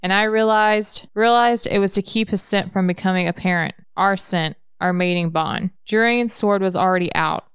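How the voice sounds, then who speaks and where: A woman reading a fantasy novel aloud in a measured, even narration. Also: mid-range voice, clear, resonant tone, no echo, clean studio sound. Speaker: reader.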